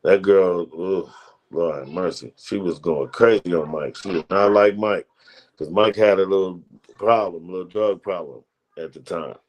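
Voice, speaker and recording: A man's voice: sits low, moderate pace. A man telling rambling, slangy stories in a casual interview. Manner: loose, rambling, slangy storytelling with restarts. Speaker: comedian guest.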